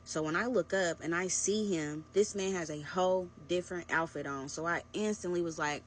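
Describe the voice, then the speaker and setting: A young adult woman narrating a personal story to her viewers in a casual, animated storytime vlog. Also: lowish voice, normal speed, a little hiss or hum. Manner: animated, conversational storytelling, addressing viewers as "y'all". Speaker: vlogger.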